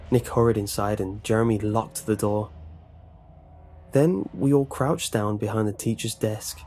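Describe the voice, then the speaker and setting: A man narrating a scripted horror story in a tense, measured way. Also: fairly low pitch, a little mellow, faint music behind.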